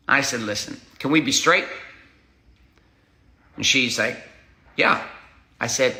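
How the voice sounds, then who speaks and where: A man's voice: mid-range voice, unhurried, long pauses, pushed and bright, echoey room. A man hosting a motivational monologue, intense and combative, swearing often and hammering short repeated phrases. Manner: punchy emphatic delivery with short repeated phrases. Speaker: host.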